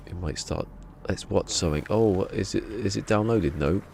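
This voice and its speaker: Very deep gravelly-voiced male streamer. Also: normal speed, background noise. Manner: rambling, chatty, self-deprecating. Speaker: game streamer. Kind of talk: casual live-stream chat.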